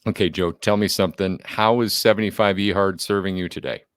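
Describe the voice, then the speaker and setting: A man's voice: sits low, fairly even intonation, a little fast, clear, resonant tone, no room sound, clean studio sound. A man co-hosting a podcast in casual chat, upbeat and joking, a little self-deprecating. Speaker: podcast co-host.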